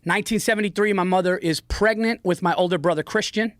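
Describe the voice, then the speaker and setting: A man in his forties telling a story in an animated, profane way on a podcast, often slipping into an impression of his father. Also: sits high, quick pace, no echo, studio quality. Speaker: guest. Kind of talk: casual storytelling. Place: podcast studio. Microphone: studio mic.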